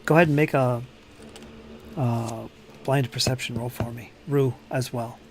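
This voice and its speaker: A man narrates as the game master of a tabletop role-playing game, slowly setting out each scene. His voice sits at a middle pitch. It is recorded at home with clear background noise. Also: steady tone.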